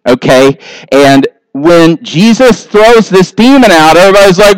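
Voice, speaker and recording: A man preaching a sermon in a high, unhurried voice. His tone is smooth and clear, and the recording is dry and close with no room sound. He acts out people's words in short, lively asides. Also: no echo, poor audio. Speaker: pastor.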